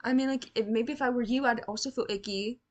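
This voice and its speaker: A young woman with a fairly high, steady voice and quick pace gives casual reaction commentary on a TV show. She's blunt and sarcastic, swearing freely and addressing the characters directly.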